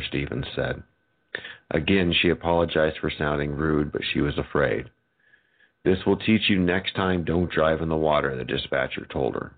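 A man with an extremely deep voice reads a news report aloud, pausing on fillers and restarting his phrases. His voice comes through thin and boxy, as if heard down a phone line. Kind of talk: reading a news story aloud. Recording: tinny phone-like audio.

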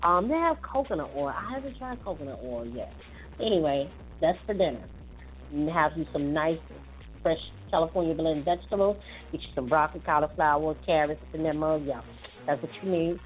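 A woman with a low, expressive voice talks briskly while hosting a casual health-tips show. She chats loosely, with many fillers and restarts. The audio is tinny and phone-like, with faint music.

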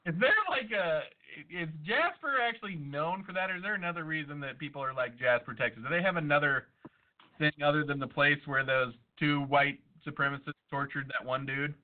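A man hosts a podcast in loose, crude banter. He swears freely and jokes irreverently. His voice sits a little high and comes through a narrow, phone-like line. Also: fairly quick. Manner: irreverent, profane, joking. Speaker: podcast host. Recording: tinny phone-like audio.

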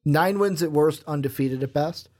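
A man co-hosting a sports podcast in casual chat. His voice sits fairly high for a man. He keeps the tone animated and joking and speaks straight to the audience. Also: normal speed. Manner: animated, joking, addresses viewers directly. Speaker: podcast co-host.

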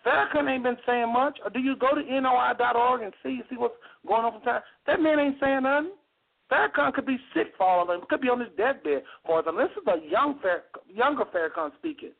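High-voiced man hosting call-in radio. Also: a little fast, vocal fry. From United States. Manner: emphatic, repeats phrases, argumentative. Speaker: radio talk show host. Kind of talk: heated call-in radio talk. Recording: tinny phone-line radio audio.

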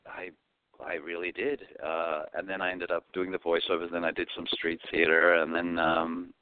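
A man's voice: low-pitched, moderate pace, clear, resonant tone, no room sound. A man with an Australian accent, a comedian telling stories as an interview guest and acting out the voices in them. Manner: animated, acts out voices in his anecdotes. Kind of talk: storytelling interview. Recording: phone-like, dry line.

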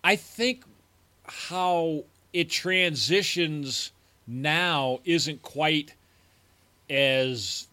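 A man's voice: fairly high pitch, drawn-out words, sharp tone, no room sound. A man co-hosting a casual fantasy football show in a small studio, citing stats and telling old league stories in a matter-of-fact way. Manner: stat-heavy, matter-of-fact, anecdotal. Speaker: co-host. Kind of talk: casual sports chat.

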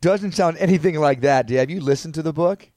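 A man co-hosting a podcast in casual chat, an animated storyteller who laughs often. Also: fairly high pitch, fairly quick, dry recording. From North Carolina. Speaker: podcast co-host.

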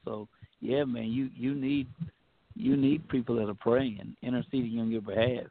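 Male pastor, casual preachy talker, gravelly, heard over a dry phone line. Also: medium pitch, fairly even intonation, moderate pace, no echo. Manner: preachy, repeats words, says "man" often. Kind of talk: casual chat.

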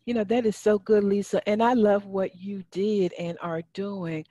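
A woman hosting an inspirational podcast, talking in a lively, faith-filled, encouraging way. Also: mid-range voice, normal speed, highs cut off. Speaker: podcast host. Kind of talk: casual inspirational chat. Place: Atlanta.

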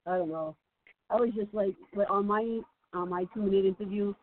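A woman's voice: medium pitch, normal speed, long pauses, slight background noise. A woman guest on a phone-in chat show, telling stories with lots of laughter and acted-out quotes. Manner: animated storyteller, laughs often, acts out quotes. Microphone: phone call. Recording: tinny phone line, dry.

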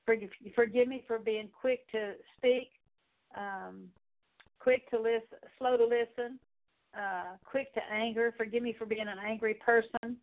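A woman prays aloud in a long confession, her voice held in a narrow, even band of pitch. She pleads in halting, repeated phrases broken by pauses. The sound is thin and phone-like. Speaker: prayer leader. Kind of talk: spoken prayer of confession.

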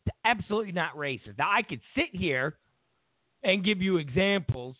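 A man hosting a show, giving an opinionated political commentary as a mocking, animated rant. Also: high-pitched, moderate pace, no echo. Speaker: show host. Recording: tinny phone-like dry audio.

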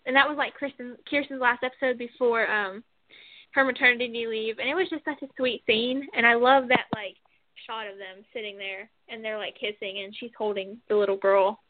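A woman co-hosting a casual chat show, rambling and animated as she retells scenes with lots of fillers. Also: on the high side, normal speed, dry recording. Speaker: co-host. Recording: phone-like dry sound.

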